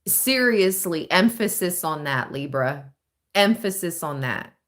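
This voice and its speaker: A woman giving a casual live-stream tarot reading, chatty and thinking aloud with drawn-out phrases. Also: fairly low pitch, animated, a bit bright. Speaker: tarot reader.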